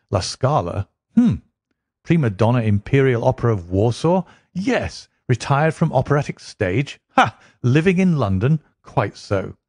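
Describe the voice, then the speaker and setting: A man voicing a cool, sharp-minded male detective in a dry, clipped manner, his voice lifted a little above his narrating voice. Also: medium pitch, no echo, pitched above the performer's own voice.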